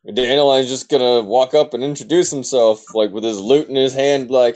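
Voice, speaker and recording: A man playing a tabletop game, casual and jokey, full of quizzical questions. His tone is mellow and warm, at an ordinary pitch. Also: normal speed, few pauses. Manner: joking, quizzical. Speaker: player.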